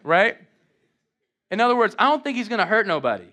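A male pastor preaching an animated, conversational sermon in a church, acting out quotes from scripture. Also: high-pitched, brisk. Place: church in Las Vegas.

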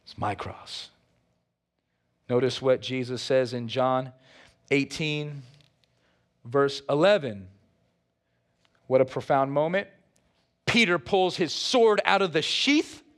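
A pastor preaching a sermon with animated delivery, playful asides and calls out to the congregation. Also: male voice, mid-range voice, slow pace, long pauses.

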